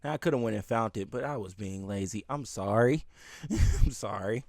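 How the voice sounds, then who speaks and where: A man's voice: on the low side, normal speed, a little mellow, no room sound. A man reacting to a clip, mocking and self-deprecating in casual commentary.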